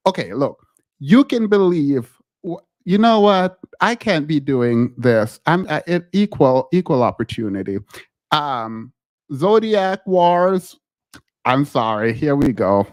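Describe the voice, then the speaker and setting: A man hosting a casual live call-in stream, animated and laughing, often breaking off mid-sentence. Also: a little high, slow. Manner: animated, laughing, self-interrupting.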